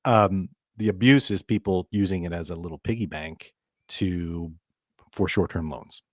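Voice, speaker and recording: Man, middle-aged, low voice, chatty radio host, emphatic asides, dry studio sound. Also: unhurried, no echo. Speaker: financial advisor and podcast host. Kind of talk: casual radio-show explainer.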